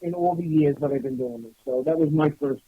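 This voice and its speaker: A man telling a personal story on a radio talk show, animated and rambling, with frequent restarts. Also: on the high side, a little fast, no room sound. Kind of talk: casual storytelling. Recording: dull lo-fi radio audio.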